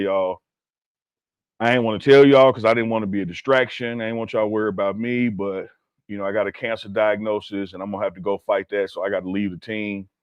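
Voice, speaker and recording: Low-voiced guy co-hosting sports talk, slangy and emphatic, dry close sound. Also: no echo. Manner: storytelling, emphatic, laid-back slang. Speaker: co-host.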